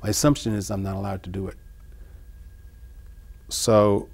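A man discussing his own song lyrics in an interview, reading lines and then explaining them in a musing, halting way. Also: fairly low pitch, fairly even intonation, a little mellow. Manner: halting, many restarts. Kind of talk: reflective interview talk.

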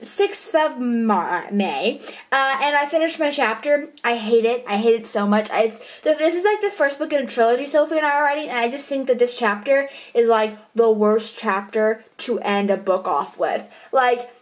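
A woman talking in a casual vlog diary at home, chatty, bubbly and quick to correct herself. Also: fairly high pitch. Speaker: vlogger and co-writer of a book.

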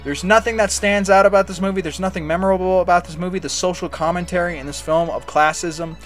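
A man's voice: sits high, steady tone, fast, soft background music. A young man giving a casual, unscripted movie review, talking bluntly and rambling with frequent restarts and filler words. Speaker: film reviewer.

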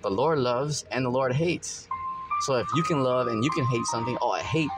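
A man's voice: mid-range voice, moderate pace. A middle-aged male preacher reading scripture and explaining it in a casual, conversational way, full of "you know" fillers. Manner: conversational, many "you know" fillers, acts out everyday quotes. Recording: music playing under the voice.

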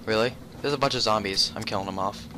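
A man's voice: lowish voice, quick pace, background noise. A man hosting a casual gaming video, teasing his friend and joking about what happens on screen. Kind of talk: casual gameplay commentary.

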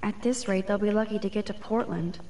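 A woman's voice: medium pitch, a little fast, dark tone, close to an everyday voice. A woman voicing a wry teenage girl photographer in a video game, talking in a dry, sardonic inner monologue.

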